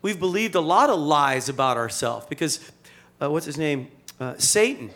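A man preaching a sermon in a conversational, animated way, mixing jokes with rhetorical questions. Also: on the high side, normal speed. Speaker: pastor.

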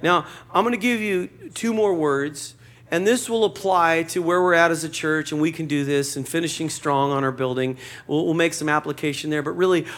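A man's voice: on the high side, fairly bright tone. A man preaching a sermon to a church congregation, conversational and joking, acting out short quotes. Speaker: pastor.

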